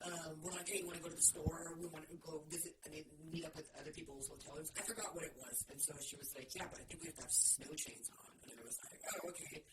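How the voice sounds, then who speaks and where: A woman's voice: deep voice, quick pace, hardly any pauses. A woman, co-hosting a podcast in casual chat and telling blunt, swear-filled stories. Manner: swears a lot, blunt storyteller. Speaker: podcast co-host. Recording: noisy podcast recording.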